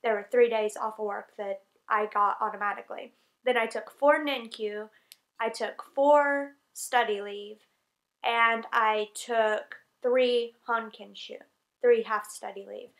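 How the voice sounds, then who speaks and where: A woman's voice: a little high, fairly even intonation, unhurried. A young woman from North Carolina with a light Southern US accent, chatting casually and rambling a little about her work as an English teacher. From North Carolina, USA. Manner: chatty and rambling, many fillers and self-corrections. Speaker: English teacher on exchange program. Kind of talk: casual vlog talk.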